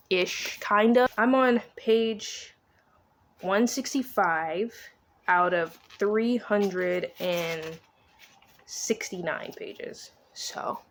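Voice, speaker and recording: A woman with features, casually recapping a novel for her vlog, swearing freely and acting out the characters' lines in quick bursts. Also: mid-range voice, slight background noise. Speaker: book vlogger. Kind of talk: casual book recap chat.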